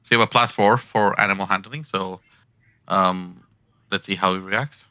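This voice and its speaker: A man running a tabletop game as game master, narrating in a rambling, halting way. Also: low-pitched, steady tone, sharp tone, clear, resonant tone, no echo. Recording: dry, dull lo-fi mic.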